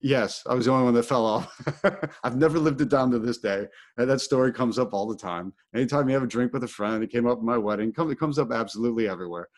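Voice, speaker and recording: A man's voice: medium pitch, quick pace. A middle-aged man hosting a podcast, telling a personal story in casual conversation and acting out his own thoughts with animation. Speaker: podcast host.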